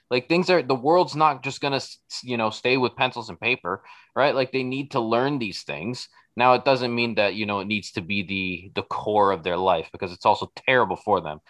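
A man's voice: medium pitch, a bit bright. A middle-aged man in a casual podcast conversation, blunt and profane, acting out little bits of dialogue as he tells stories. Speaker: podcast guest.

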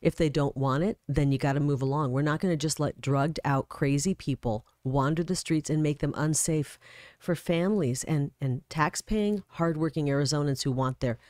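A middle-aged woman, a political candidate, talking in a casual interview, brisk and emphatic, laughing easily. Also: low voice, darkish tone, no room sound, studio quality.

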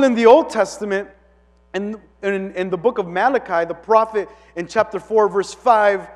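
A man with a notably high-pitched voice preaches a relaxed teaching sermon, chatty and loose, full of "like" and restarts. His voice rings with a long reverb from a big hall. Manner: conversational, many "like" fillers and restarts.

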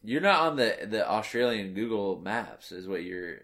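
A man with a very low voice co-hosts a casual podcast. He talks in loose, crude banter, full of swearing, and sounds a bit drunk. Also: expressive, normal speed, fairly bright tone, a little hiss or hum. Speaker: podcast co-host.

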